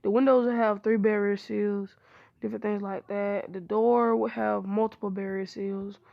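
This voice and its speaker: A woman's voice: medium pitch, little pitch movement, normal speed, creaky, no room sound, muffled recording. A woman improvising a fan-fiction story aloud, rambling with many fillers and restarts.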